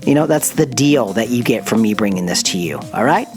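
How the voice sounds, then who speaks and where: A podcast host reading daily space news with playful asides, excitable and prone to getting carried away. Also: medium pitch, fairly quick, music in the background.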